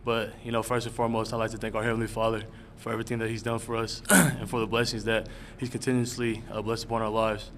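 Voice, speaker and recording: A young man makes a formal announcement quickly. His pitch stays level and barely moves. Faint noise sits behind him. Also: level tone, fairly bright tone. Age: young adult. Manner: formal, thankful.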